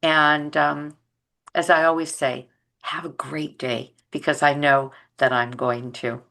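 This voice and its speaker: A woman's voice: low voice, steady tone, slow pace, gravelly, pushed and bright. An older woman talking casually to her vlog audience in a rambling, reflective way, full of fillers and restarts. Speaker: vlogger.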